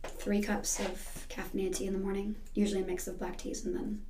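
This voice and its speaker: A woman who teaches second grade, telling stories in a quick, animated way during a casual interview. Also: mid-range voice.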